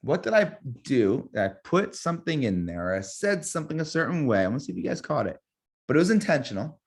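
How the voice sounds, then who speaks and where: A man teaching real estate agents in a live webinar, energetic, repeating key phrases and acting out sample sales calls. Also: on the high side, fast.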